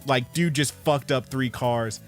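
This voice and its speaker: A man's voice: medium pitch, unhurried, faint music behind. A man co-hosting a podcast, telling a story in casual chat, swearing and acting out the people he quotes. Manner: animated storyteller, swears, acts out quoted voices. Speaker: podcast co-host.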